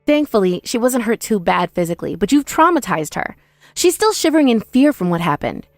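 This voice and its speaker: A woman's voice: fairly high pitch, big pitch swings, a little fast, dry recording, clean studio sound, faint music behind. A young woman telling a first-person dramatized story in an indignant, accusing manner. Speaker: narrator and protagonist.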